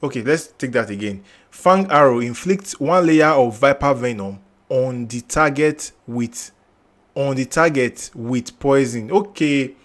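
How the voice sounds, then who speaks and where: A young man hosting a game guide channel, thinking aloud as he reads through new character skills and restarts his lines. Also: medium pitch. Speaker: gaming channel host. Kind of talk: casual game guide commentary.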